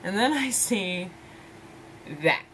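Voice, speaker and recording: A woman's voice: mid-range voice, animated, slow pace, a bit bright, slight background noise. A woman in her twenties chatting casually to camera as a vlogger, rambling and laughing as she addresses her viewers as ladies. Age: 20s.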